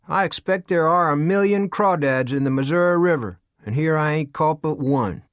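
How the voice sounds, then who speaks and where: A man doing a high, brash frontier boy. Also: moderate pace, no echo, studio quality, lightly acted. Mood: eager. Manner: rural speech. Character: eager frontier boy, slow-footed and brash.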